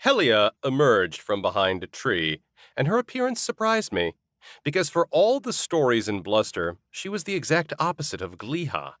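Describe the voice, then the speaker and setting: A man's voice: mid-range voice, huge pitch swings, moderate pace, hardly any pauses, fairly bright tone, no echo, studio quality. A man narrating a comic fantasy novel in the first person, wry and storytelling. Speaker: audiobook narrator.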